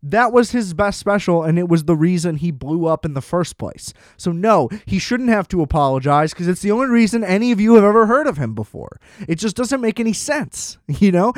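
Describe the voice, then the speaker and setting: A man's voice: sits high, expressive, moderate pace, hardly any pauses, no echo, clean studio sound. A man ranting in casual commentary, profane and sarcastic, exasperated and laughing at his own jokes.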